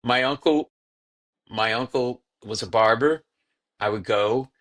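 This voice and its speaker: Animated man telling family stories. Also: mid-range voice, a little slow. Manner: animated storyteller, acts out voices of relatives. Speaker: comedian guest. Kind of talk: storytelling in casual chat.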